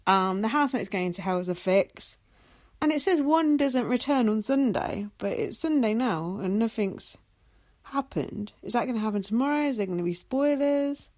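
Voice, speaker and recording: A woman's voice: a little high, lively intonation, moderate pace, darkish tone. A young adult woman hosting her own podcast, talking alone in a sarcastic, foul-mouthed way with frequent laughs. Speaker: podcast host. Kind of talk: casual solo commentary.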